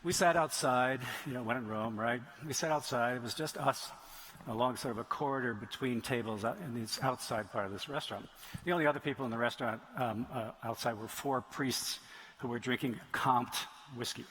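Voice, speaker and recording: A man's voice: medium pitch, fairly quick, a bit bright, a little hiss or hum, rough recording. A middle-aged man, an author on stage at a conference, telling a long anecdote and answering audience questions, wandering into digressions and restarting phrases. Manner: rambling storyteller, frequent restarts and digressions. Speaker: author speaking at a writers' conference. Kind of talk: anecdotal Q&A talk. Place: stage in a large venue.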